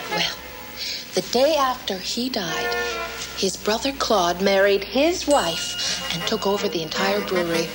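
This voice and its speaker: A woman's voice: mid-range voice, animated, measured pace, lightly acted, low-quality recording. A woman playing a prim receptionist. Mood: polite. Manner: polite, formal. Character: polite, guarded female office receptionist. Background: loud film music.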